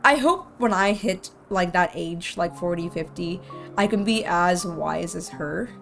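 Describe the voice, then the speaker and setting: This game streamer is a woman with a fairly low, creaky voice, a fairly bright tone, and a slightly slow pace. She gives rambling, heartfelt let's-play commentary peppered with "like," while faint game music plays behind her.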